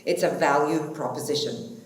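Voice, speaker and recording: A woman's voice: deep voice, normal speed. A woman moderating a conference panel, chatty and informal. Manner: chatty, informal, uses fillers. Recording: echoey conference hall, faint noise.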